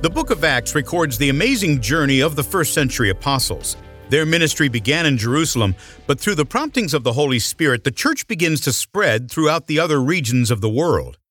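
A man hosting a radio program, reading a scripted introduction in a smooth announcer manner. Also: a little high, big pitch swings, brisk, fairly bright tone, no echo. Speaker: radio host. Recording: dry studio voice with faint music.

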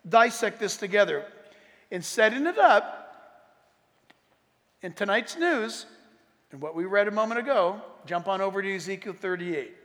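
A male pastor with a high voice preaches in an echoing hall, teaching on Bible prophecy. He is emphatic, rising loud during scripture readings and dropping low for asides.

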